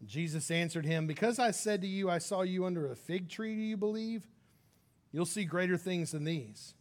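A male pastor with a fairly high voice delivers an easygoing sermon that feels like conversation. He's lively and informal, briefly acting out each person he quotes with a quick voice.

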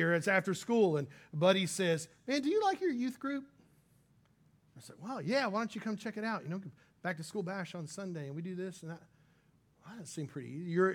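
A pastor giving a relaxed, conversational sermon in a fairly high voice for a man. He keeps it casual and animated and acts out the people he quotes in quick little voices.

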